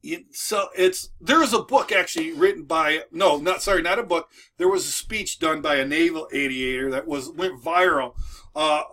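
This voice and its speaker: A man with a high, bright voice gives a casual motivational talk to camera. He repeats himself and restarts phrases in a folksy way. He is recorded at home. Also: normal speed. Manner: repetitive, folksy, restarts often. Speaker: moving business coach and video host. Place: at home with dogs nearby.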